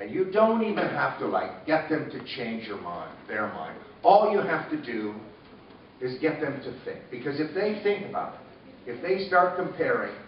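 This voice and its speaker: Plain-spoken man rallying students, animated, heard far off in a roomy hall. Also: mid-range voice, a little hiss or hum. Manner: blunt, plain-spoken, emphatic. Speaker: actor speaking at a campus election event. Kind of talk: public speech to students. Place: university ballroom. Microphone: far-off room recording. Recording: echoey ballroom from far off, dull.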